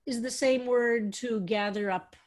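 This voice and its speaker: A woman's voice: a little high, unhurried. A woman rabbi leading a study class, talking animatedly and throwing out question after question, with frequent restarts. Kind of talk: teaching a text study class.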